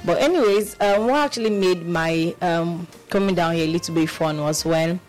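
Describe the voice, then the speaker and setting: A young Nigerian woman co-hosting a radio show, telling stories in animated casual chat with many restarts, her voice a bit off from feeling unwell. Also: lowish voice, normal speed, soft background music, low-quality recording. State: under the weather, voice affected. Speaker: radio co-host.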